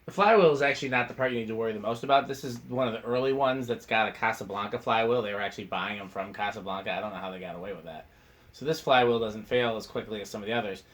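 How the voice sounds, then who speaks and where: A man hosting a casual technical chat about vintage ceiling fans, relaxed and knowledgeable. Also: fairly low pitch, rapid-fire. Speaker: fan collector host.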